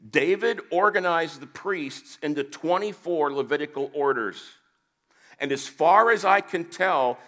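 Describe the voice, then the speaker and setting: A man giving a measured, scripted Bible teaching with dry asides. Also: a little high, a bit bright.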